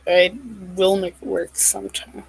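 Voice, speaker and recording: A woman talking casually to camera in a rambling monologue, dotted with "like" and "um" and quick apologies. Her voice sits at an ordinary middle pitch. The sound is dry and close, with no room echo. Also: flat delivery, gravelly, husky. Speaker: vlogger.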